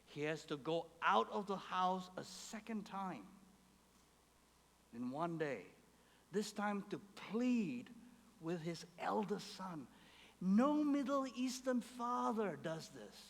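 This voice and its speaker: A man's voice: sits high, very animated, slow pace, gravelly. A man preaching a sermon, telling a story with emphasis and acting out the quoted characters. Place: church hall. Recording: reverberant hall, faint ambience.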